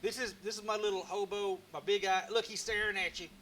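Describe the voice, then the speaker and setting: Guy hosting a chill stream, high voice, rambly and jokey, bit of music quiet behind him. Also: steady tone, brisk. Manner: rambling, joking and self-mocking, with frequent restarts. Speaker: live-stream woodcarving host. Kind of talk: casual live-stream chat.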